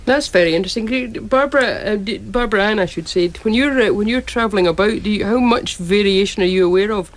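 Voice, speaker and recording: A woman hosting a radio phone-in panel, brisk and steering the conversation. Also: medium pitch. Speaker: radio host.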